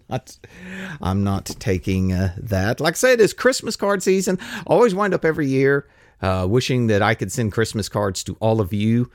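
Alone on his podcast, a host rambles through listener mail in a casual monologue, restarting sentences and chuckling. His medium-pitched voice swings widely, at normal speed, in clean studio sound with no echo.

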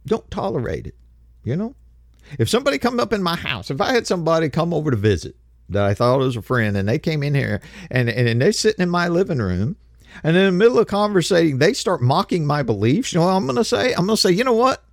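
Here a man with a high-leaning, sing-song, creaky voice talks fast in a dry, studio-quality recording. He's a commentator delivering a heated, emphatic opinion piece with mocking impressions, restarting and repeating words as he gets riled up.

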